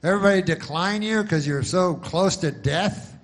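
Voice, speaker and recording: Man putting on a brash insurance pitchman. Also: moderate pace. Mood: hard-selling. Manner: salesy, over-eager. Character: pushy male insurance pitchman for the elderly.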